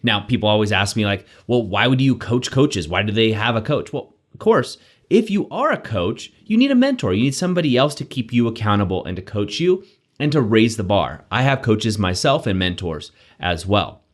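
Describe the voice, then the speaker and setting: Lively motivational male coach. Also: on the low side, moderate pace. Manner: energetic, conversational, frequent "right?" asides. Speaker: coach and show host. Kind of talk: motivational self-help talk.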